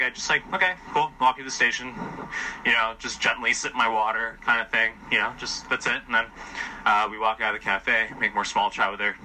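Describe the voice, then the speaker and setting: Brief: man, bright and sharp voice, blunt and profane, rambling vlog outdoors at night, faint street noise. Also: medium pitch, rough recording. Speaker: vlogger. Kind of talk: casual walking vlog.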